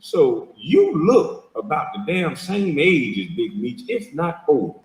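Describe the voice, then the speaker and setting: A man's voice: fairly high pitch, wildly swooping pitch, slow, distant mic. A man hosting a heated reaction commentary, mocking and confrontational and swearing a lot. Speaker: host reacting to a video clip. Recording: echoey room, speaker off mic.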